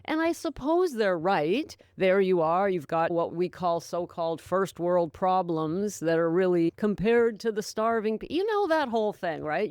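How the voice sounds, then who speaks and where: A woman's voice: on the low side, lively intonation, normal speed, few pauses, clear, resonant tone, no echo, clean studio sound. Chatty woman hosting a sobriety podcast. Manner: warm, chatty, encouraging, laughs often. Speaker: podcast host and sobriety coach. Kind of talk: casual solo podcast talk.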